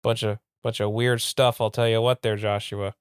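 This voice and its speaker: A man putting on a thick Minnesota accent, playing a folksy local who gripes in a slow, drawling way. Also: on the low side, flat delivery, smooth, dry recording, studio quality, pitched below the performer's own voice, lightly acted. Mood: grumbling.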